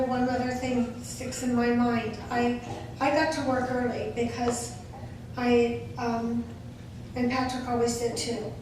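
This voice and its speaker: Older woman, eulogy speaker, slightly high voice, distant mic in a big echoing hall with noise. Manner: warm storytelling with fond laughs. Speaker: memorial speaker. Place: memorial service hall. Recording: echoey hall from far off, noisy.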